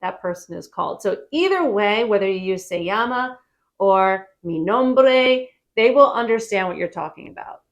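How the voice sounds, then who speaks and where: A woman giving a casual travel-phrase lesson, friendly and repeating phrases slowly for learners. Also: mid-range voice, lively intonation. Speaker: Spanish teacher.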